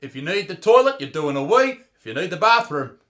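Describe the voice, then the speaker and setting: Loud mocking Australian man. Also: sits high, big pitch swings, a little fast. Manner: loud, mocking, swears a lot. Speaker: comedy YouTuber reacting to a clip. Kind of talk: crude comedic rant.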